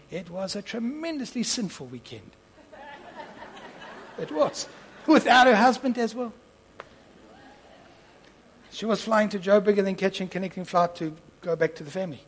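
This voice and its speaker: A man preaching, telling a story and acting out its dialogue, moving between soft asides and loud impassioned peaks. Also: high voice, animated, fairly quick, few pauses, husky, some chatter behind, low-quality recording. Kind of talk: storytelling sermon.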